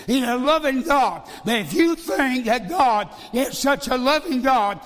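High-voiced preacher man in a reverberant hall. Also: a bit bright. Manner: emphatic, repeats phrases, rhetorical questions. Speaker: evangelist preacher. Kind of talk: sermon.

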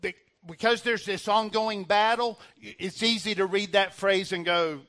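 An older man in his sixties delivering a sermon from the pulpit. His voice sits high for a man, and he talks earnestly, restarting phrases and slowing right down to stress scripture. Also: steady tone, a bit bright. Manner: earnest preaching with repeated restarts and dramatic slow emphasis. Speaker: pastor.

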